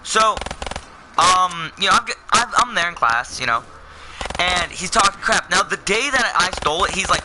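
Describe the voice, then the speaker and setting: A man's voice: high-pitched, expressive, normal speed, background noise. A young man telling a personal story in a casual, rambling way, full of fillers and self-corrections. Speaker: vlogger.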